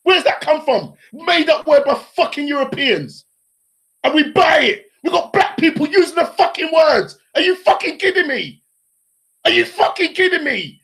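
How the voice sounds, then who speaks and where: An angry man vents on a live stream, his voice climbing very high as he shouts. He swears freely and fires rhetorical questions at his critics. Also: big pitch swings, normal speed. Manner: furious, profane, shouting rant.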